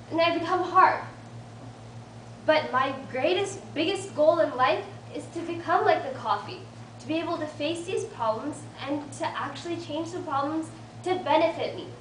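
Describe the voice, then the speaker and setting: A woman's voice: high voice, moderate pace, a bit bright. A young woman in her late teens giving an earnest motivational talk to a support group, telling a story with a light touch of humor about herself. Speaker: invited student speaker. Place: meeting room of a support group. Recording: roomy, distant mic with faint room noise.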